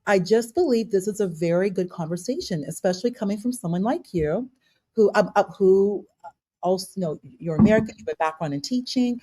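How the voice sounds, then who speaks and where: A woman holds forth on a call-in panel, pressing her points with repeats and restarts. Her voice is warm and mellow, and the sound is dry and close. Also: mid-range voice, fairly quick, breathy edge, dry recording. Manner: emphatic, repeats herself, restarts often. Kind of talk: casual panel debate.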